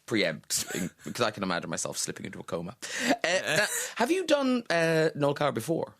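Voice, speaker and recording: A man's voice: medium pitch, huge pitch swings, a little fast, gravelly, fairly bright tone. An Irish man hosting a radio talk show, chatting casually with self-deprecating jokes. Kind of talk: casual radio interview chat.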